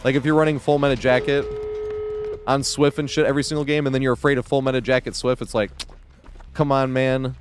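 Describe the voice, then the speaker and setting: A man streaming games and chatting casually, rambling with lots of fillers and quick laughs. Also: mid-range voice, flat delivery, a little hiss or hum. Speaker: game streamer. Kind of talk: casual live-stream chat.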